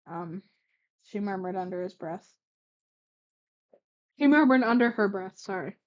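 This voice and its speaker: A woman's voice: medium pitch, expressive, measured pace, pauses often, lo-fi sound. A young woman casually reading her own old fanfic aloud, stuttering and stumbling with fillers and self-corrections, and commenting along the way.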